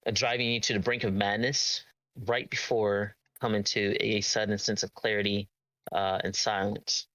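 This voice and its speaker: A man's voice: on the low side, level tone, normal speed, a bit bright, no echo, rough recording. A man narrating as game master of a tabletop game, hesitant with many ums and uhs.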